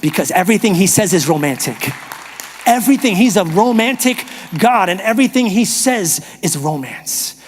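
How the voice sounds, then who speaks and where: An animated male pastor preaches with a high, bright voice and tells humorous stories. He swings between loud bursts and near-whispers. A long hall reverb surrounds him. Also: moderate pace, slightly rough, a faint crowd. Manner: animated, humorous storytelling, shifts from shouting to whispering. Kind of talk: sermon. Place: church auditorium.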